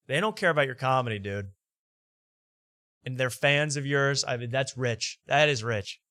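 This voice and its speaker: A man's voice: medium pitch, measured pace, sharp tone, no echo, studio quality. Heated sarcastic male show host. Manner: heated, sarcastic, repeats himself. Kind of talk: ranting commentary on clips.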